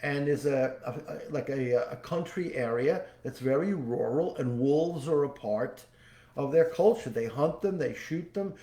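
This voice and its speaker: A man's voice: mid-range voice, expressive, unhurried, dark tone. A man hosting a podcast, giving a spiritual teaching talk as a folksy storyteller who repeats his key phrases. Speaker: podcast host and psychic medium. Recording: echoey room.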